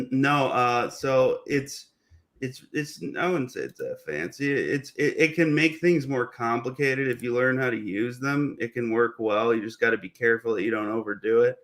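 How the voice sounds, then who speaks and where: Young guy breaking down stock charts, laid back, talks in slang, mid-pitched voice. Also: normal speed. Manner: relaxed, explains plainly with slang. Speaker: guest trader. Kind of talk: casual chart analysis on a livestream.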